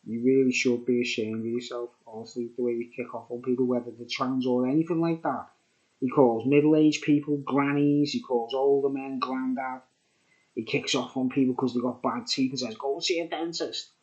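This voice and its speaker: A man's voice: medium pitch, level tone, normal speed, darkish tone, muffled recording. A tipsy man rambling on camera in a casual monologue, repeating himself and tagging lines with "mate" and "right?". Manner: rambling, repetitive, keeps adding "mate" and "right?". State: tipsy from drinking. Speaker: vlogger reviewing beer.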